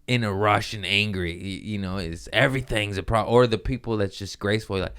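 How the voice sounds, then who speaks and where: A man's voice: lowish voice, steady tone, brisk, a bit bright, clean tone. Goofy laughing male podcast host. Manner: goofy, laughs a lot, street slang. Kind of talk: casual chat.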